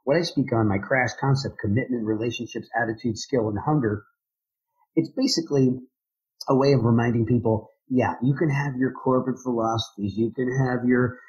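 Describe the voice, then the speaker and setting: A man, a drummer and motivational speaker, answering interview questions in an energetic, enthusiastic way. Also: medium pitch, a little fast, breathy edge, dull audio.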